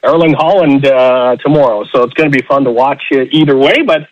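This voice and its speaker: A man's voice: medium pitch, fairly quick, dry recording, lo-fi sound. A man chatting casually on a radio show as a guest play-by-play announcer, easygoing, with many fillers and laughs.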